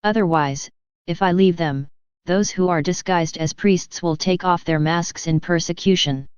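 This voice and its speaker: A woman with a smooth, clear, natural, lowish voice reads the lines of a gentle, sorrowful divine male speaker. Her delivery is solemn, tender, and unhurried, and the reading is dry, dull, and lo-fi.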